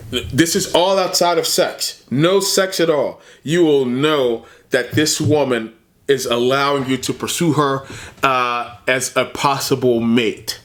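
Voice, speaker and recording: A man's voice: medium pitch, a bit bright. Laughing, chatty man reacting to a video. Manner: chatty, laughs often, calls listener man and bro. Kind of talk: casual commentary.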